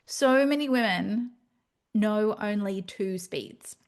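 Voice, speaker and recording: A woman hosts a solo podcast, reflecting candidly and animatedly in a monologue sprinkled with playful asides. She speaks at a medium pitch and a slow pace.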